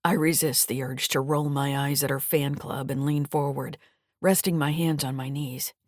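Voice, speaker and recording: A woman, the author, calmly narrating her mystery thriller audiobook. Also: very deep voice, moderate pace, no echo, studio quality.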